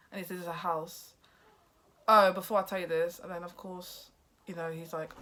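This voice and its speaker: Rambling woman retelling a movie plot. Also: low voice. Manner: rambling retelling, acts out lines, excited outbursts. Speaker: vlogger reviewing a movie. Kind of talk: casual movie recap.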